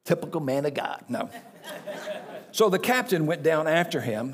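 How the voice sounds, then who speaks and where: A man's voice: a little high, very animated, moderate pace, pauses often, slightly rough. A man preaching a sermon as pastor, reading scripture aloud and breaking off into conversational asides to the congregation.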